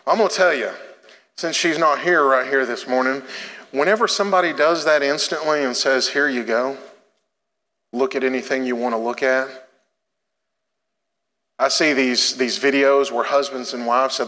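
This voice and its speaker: A middle-aged man preaching a sermon in a church, telling a family story in an animated way before turning to exhortation. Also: normal speed, pauses often, big-room sound. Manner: storytelling, animated, rising pitch in anecdotes. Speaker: pastor.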